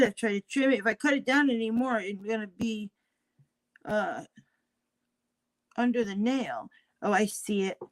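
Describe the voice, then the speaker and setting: A middle-aged woman with a slightly high voice chats loosely through a live crafting stream. She rambles and restarts her sentences as she works, and she stops to answer viewers in the chat with friendly, personal replies. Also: a bit bright, rough recording. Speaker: craft livestream host. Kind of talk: casual livestream chat while crafting.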